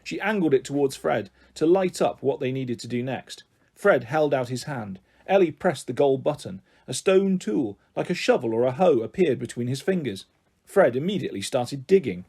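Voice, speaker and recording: A man reading a children's book aloud in an animated, expressive way. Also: mid-range voice, normal speed, vocal fry, breathy edge. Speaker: storyteller.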